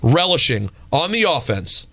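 A man's voice: fairly high pitch, very animated, a little slow, sharp tone. Joking man hosting sports radio. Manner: joking, plays referee.

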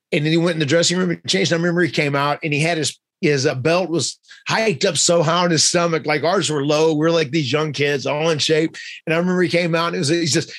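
A man's voice: a little high, dry recording. A man hosting a podcast, telling stories animatedly and acting out what others said. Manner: animated, acts out quotes in other voices. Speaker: podcast host. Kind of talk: storytelling in conversation.

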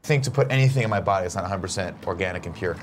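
A man co-hosting a casual morning show, joking and self-mocking with deadpan asides. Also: low voice, very fast, a little hiss or hum. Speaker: co-host.

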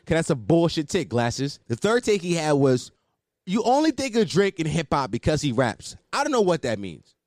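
A man hosting a commentary show, arguing in a profane, animated rant. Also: fairly high pitch, moderate pace, no room sound, clean studio sound. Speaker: commentary host.

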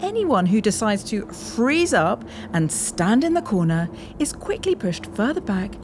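A woman's voice: medium pitch, big pitch swings, measured pace, background noise. A woman with a British accent, playing the lecturing inner voice of a man's primal brain in an audio drama. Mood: urgent. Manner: condescending, lecturing, sharp. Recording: voice over music bed.

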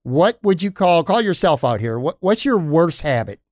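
A male podcast host with a slightly high, friendly voice, recorded close and dry with no room sound. He spells out each question at length and chuckles along with his guest. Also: very animated, normal speed, no echo. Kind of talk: interview questions, casual.

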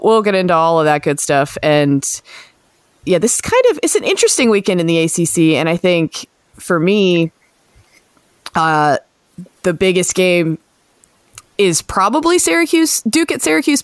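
A woman's voice: sits low, clear, resonant tone, no echo. A woman hosting a sports podcast, chatting casually with many fillers and laughs. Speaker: podcast host, sports reporter.

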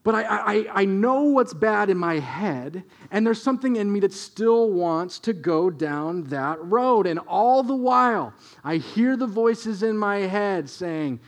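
A man with a fairly high voice delivers a sermon in a storytelling way. He drops to hushed asides, then pushes up to emphatic, louder points. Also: lively intonation, measured pace, hardly any pauses. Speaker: pastor.

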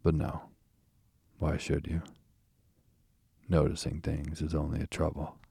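A man's voice: a bass voice, monotone, a little slow, vocal fry, dark tone, husky, no echo, heavily acted. A man reading the part of a self-pitying toad who murmurs weakly from his sickbed. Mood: feeble. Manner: languid, murmuring, weak.

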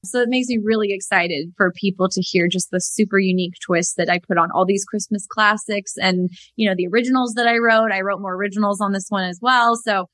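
A woman guest in an interview, talking in an earnest, heartfelt way with quick fillers. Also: mid-range voice, a bit bright, no echo. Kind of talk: conversational interview.

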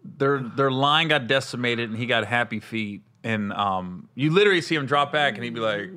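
A man's voice: mid-range voice, normal speed, smooth. A man hosting a podcast, telling stories in casual chat with plenty of swearing. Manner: animated, profane storyteller. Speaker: podcast host.

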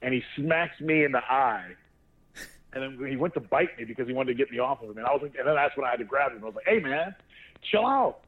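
Man, co-host, casual storytelling, animated, laughs often, mid-pitched voice, phone-line sound. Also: fast talker. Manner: animated, laughs while telling stories. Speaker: co-host of a sports talk show.

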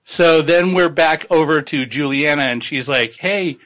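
Bright-voiced joking man recapping a novel. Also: on the high side, normal speed. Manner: rambling, jokey recap full of laughs and profanity. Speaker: podcast host. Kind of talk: casual book-club chat.

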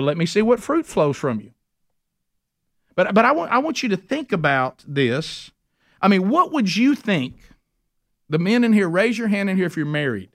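A man's voice: high voice, no room sound. A middle-aged man teaching a men's Bible study in an earnest, emphatic, folksy way. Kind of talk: conversational sermon teaching.

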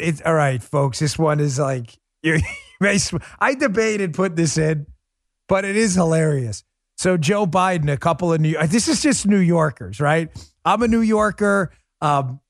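A man from Queens hosting a political commentary podcast, animated and quick to laugh. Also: fairly high pitch, no echo, studio quality. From Queens, New York. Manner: animated, laughs often, breaks into impressions. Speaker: podcast host.

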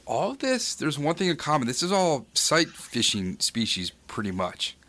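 A man hosting a casual chat, asking quick questions and telling joking stories. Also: on the high side, sing-song, bright, forceful tone. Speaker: podcast host.

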